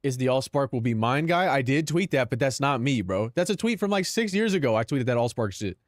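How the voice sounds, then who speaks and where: A man's voice: medium pitch, lively intonation, a little fast, dry recording, clean studio sound. A man live streaming in casual chat, talking in slang, calling his viewers "bro" and laughing between lines.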